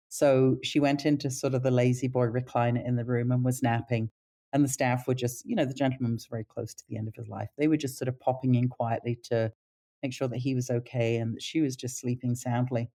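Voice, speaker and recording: Low mellow-voiced woman telling stories. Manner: animated pitch when quoting others. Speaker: palliative care nurse. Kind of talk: casual storytelling interview.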